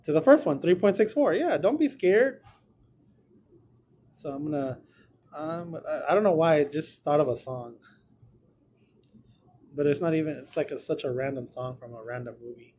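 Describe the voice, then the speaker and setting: A man's voice: fairly high pitch, moderate pace, long pauses, dark tone. A man teaches a math lesson from a small room. He is chatty and joking and talks straight to his students. A faint hum of room noise sits behind him. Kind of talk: recorded classroom lesson.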